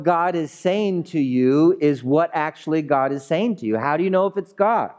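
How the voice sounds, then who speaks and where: A man's voice: fairly high pitch, animated, moderate pace, few pauses, a little mellow. A male pastor preaching a sermon in a conversational way, with playful asides and emphatic repetition.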